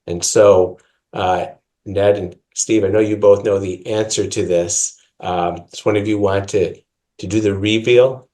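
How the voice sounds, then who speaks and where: A man with a Minnesota accent co-hosts a podcast. He explains things in a measured way and enunciates carefully. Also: fairly low pitch, steady tone, dark tone. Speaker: podcast co-host.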